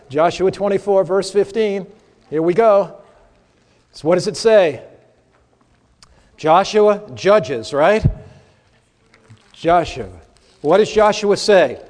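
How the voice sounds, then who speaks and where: A man teaching an interactive sermon to a church audience, humorous and animated, quizzing listeners for Bible verses. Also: sits high, in a large hall. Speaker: preacher teaching a seminar. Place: church or hall before a live audience.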